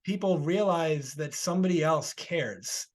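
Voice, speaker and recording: A male podcast host with a slightly raised pitch speaks in a conversational interview. He tells stories earnestly and encourages his guest. He is also a healer. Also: animated, a little slow. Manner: earnest storytelling, warm encouragement.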